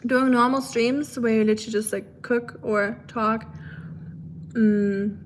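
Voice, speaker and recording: A woman's voice: on the high side, steady tone, measured pace, slight background noise. A woman from Germany with a German accent, chatting casually with viewers while she cooks on a phone livestream in her kitchen. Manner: chatty, reads out and answers viewers' chat, laughs often. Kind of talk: casual cooking livestream chat. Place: home kitchen. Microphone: phone on the counter.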